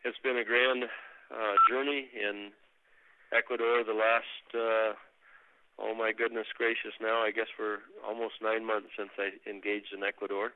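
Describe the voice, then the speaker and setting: Male guest speaker, lowish bright voice, thankful and unhurried, on the phone. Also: level tone, no room sound, low-quality recording. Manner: warm, appreciative, measured. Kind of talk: grateful address on a conference call. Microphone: phone line.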